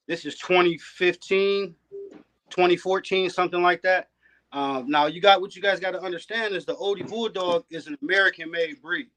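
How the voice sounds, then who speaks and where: A man, a guest on a podcast and a dog breeder, telling stories in a relaxed, casual way. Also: sits high. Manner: laid-back, peppers talk with "man". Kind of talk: casual storytelling chat.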